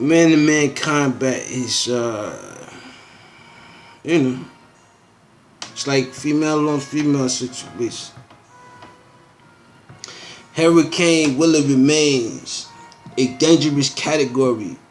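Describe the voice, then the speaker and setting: A man hosting his own show, reading news headlines and riffing on them in a loose, slangy, rambling way. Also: mid-range voice. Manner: loose and slangy, with frequent asides and filler phrases. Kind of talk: casual rambling news commentary.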